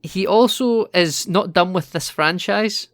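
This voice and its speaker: A man's voice: high voice, a little slow, fairly bright tone, no room sound, studio quality. Chatty male podcast co-host. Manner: chatty, explaining, laughs easily. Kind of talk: casual film chat.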